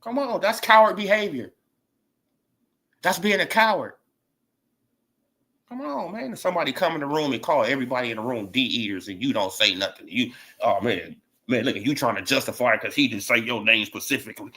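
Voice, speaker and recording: Animated man ranting in slang. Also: brisk, slightly rough. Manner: animated, swings from shouting to low mumbling, slangy. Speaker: boxing commentary channel host. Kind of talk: casual ranting commentary.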